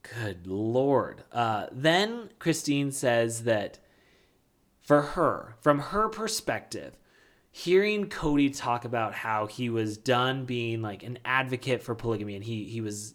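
A man co-hosts a casual recap podcast, talking in a loose and sarcastic way. He swears freely and gets animated as he retells scenes. His voice sits at an ordinary middle pitch. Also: measured pace. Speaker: podcast co-host.

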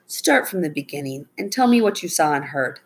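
A woman's voice: low-pitched, big pitch swings, fairly quick, breathy edge, full character voice. A woman reading a stern park ranger. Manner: stern, questioning. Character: adult male park ranger, stern and in charge.

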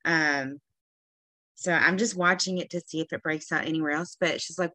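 Chatty Texas woman with a low voice. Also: steady tone, fast, bright, forceful tone, no echo. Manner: chatty, rambling storyteller who clears her throat often. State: throat irritated from allergies. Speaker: podcast co-host. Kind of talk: casual chat.

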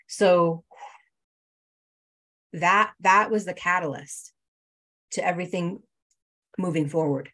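A woman with a fairly low voice tells her own story as an interview guest. She speaks earnestly and emotionally, often stopping and restarting mid-thought. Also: slow, long pauses, pushed and bright. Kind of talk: candid personal storytelling.

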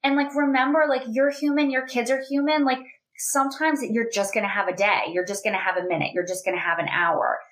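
Speaking briskly in a slightly high voice, a family educator in her forties talks earnestly during a conversational interview. She's animated and leans heavily on "you know" and other fillers. Audio quality is low.

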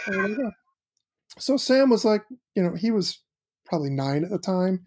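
Male co-host, middle-aged, husky, chatty storyteller. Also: high-pitched, a little fast. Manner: storytelling, animated quoting of his kids. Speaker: podcast co-host. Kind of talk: casual chat.

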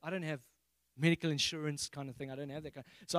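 A man from Africa, preaching a sermon on a handheld mic and acting out prayers in a high, excited voice. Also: quick pace, no echo. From South Africa. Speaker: pastor.

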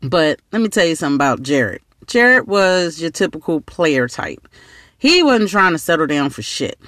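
A man's voice: on the high side, sing-song, normal speed, sharp tone, no room sound, clean studio sound. A man hosting a podcast, telling a story in a casual, rambling way with side tangents. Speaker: podcast host.

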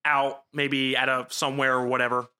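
A young man with a New Jersey accent, a local TV reporter talking casually about his work in quick, animated stories full of fillers. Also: medium pitch, clean tone. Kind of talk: casual podcast chat.

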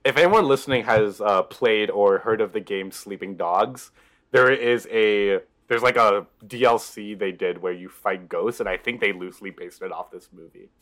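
A man's voice: lowish voice, normal speed, fairly bright tone. A man co-hosting a podcast, chatting casually and enthusiastically with lots of fillers. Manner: rambling, enthusiastic, heavy on fillers. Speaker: podcast co-host. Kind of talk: casual chat.

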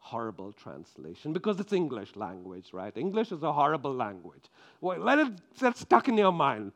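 A man preaching a sermon, with emphatic stresses that drop into quiet, drawn-out lines. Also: on the high side, big pitch swings.

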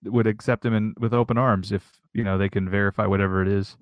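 A man co-hosting a podcast, excitable and rambling in jokey casual chat. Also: lowish voice, fast, dry recording, muffled recording. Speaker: podcast co-host.

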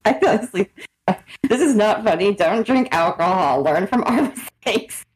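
A young American woman co-hosting a podcast, telling a story in an animated, expressive way. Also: mid-range voice, normal speed, poor audio. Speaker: podcast co-host. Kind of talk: casual chat, storytelling.

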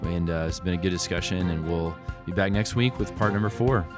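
A man hosting a church podcast, who speaks in a calm, measured way. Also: deep voice, over loud music. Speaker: podcast host and pastor. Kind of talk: casual podcast conversation.

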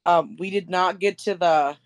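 A woman's voice: on the low side, fairly even intonation, measured pace, no room sound. Woman guest, giggly, self-mocking, dry close sound. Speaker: podcast guest. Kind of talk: casual chat.

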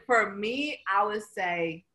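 A woman joins a casual group chat in an easygoing way. Her voice is bright and crisp, sitting mid-range. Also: medium pitch, animated, takes it slowly.

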